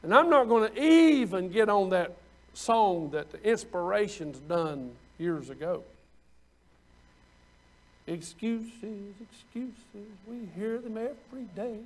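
Male preacher, very high voice, folksy and conversational with loud emphatic peaks. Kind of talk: sermon.

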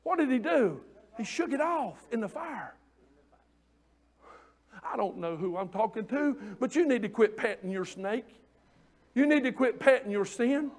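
High-voiced fervent preacher man. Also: lively intonation, measured pace, pauses often. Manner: fervent, rising to shouts, call-and-response. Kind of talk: sermon.

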